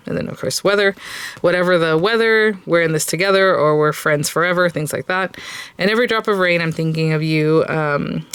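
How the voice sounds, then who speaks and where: Unboxing kits for her craft channel, a woman talks casually and eagerly, often restarting and using fillers. Her voice is low-pitched and clean, with no room sound.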